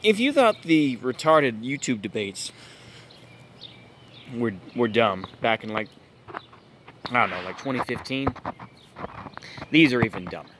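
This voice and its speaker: A man's voice: mid-range voice, expressive, a little slow, long pauses, noisy background. A man hosting his own channel, ranting in an exasperated, incredulous way and leaning on fillers. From United States. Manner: exasperated, incredulous, lots of filler like "it's just like" and "bruh". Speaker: channel host, political commentator. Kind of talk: ranting vlog commentary.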